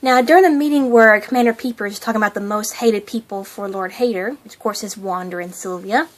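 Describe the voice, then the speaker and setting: A woman's voice: medium pitch, brisk. A young woman hosting her own fan channel, chatting casually about a cartoon in a gushing, giggly way.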